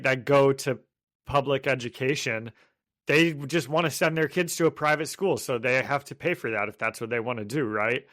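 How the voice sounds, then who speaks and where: A man in a relaxed podcast chat, making wry and matter-of-fact comments. His voice sits at a middling pitch, and his delivery stays easygoing and conversational. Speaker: podcast co-host, teacher. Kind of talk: casual chat.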